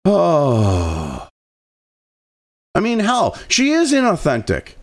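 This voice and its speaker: Foul-mouthed ranting man, gravelly and high. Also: huge pitch swings, slow. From New England, US. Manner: angry, swearing constantly, sarcastic. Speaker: political commentary host. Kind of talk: profane political rant.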